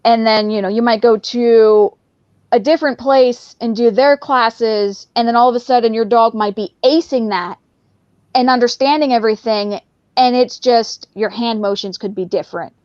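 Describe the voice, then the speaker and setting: A woman chatting as a guest, animated and expressive, often slipping into quick voiced asides. Her voice sits a little high, and the sound is dry and close, with slightly muffled audio. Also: no echo. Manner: animated, often acts out what a dog might be thinking. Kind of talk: casual conversation.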